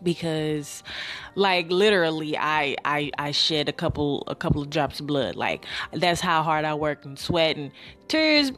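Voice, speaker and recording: A woman talks to her listeners in a slow, unhurried drawl, her voice sitting on the lower side. She rambles loosely in slang, pausing and sighing as she goes. Faint music plays softly behind her. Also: expressive. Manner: rambling, slangy, with sighs and pauses. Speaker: podcast host. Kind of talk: casual solo podcast monologue.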